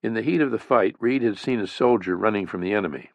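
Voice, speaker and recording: A man reading a history audiobook as a narrator, with a measured, even storytelling delivery. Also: fairly low pitch, dry recording. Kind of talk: scripted narration.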